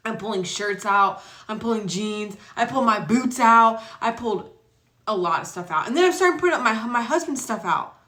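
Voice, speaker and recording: A young woman vlogger telling a story in a casual, animated way, acting out the quotes and swearing freely. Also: a little high, moderate pace. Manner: chatty, animated retelling with acted quotes and swearing.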